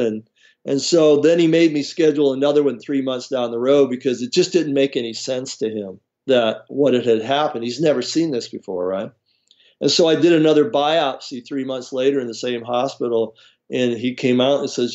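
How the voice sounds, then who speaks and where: A man's voice: mid-range voice, normal speed, dull audio. A man telling a personal story as an interview guest, laughing often and acting out what others said. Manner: animated storyteller, laughs often, acts out quoted voices. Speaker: guest herbalist.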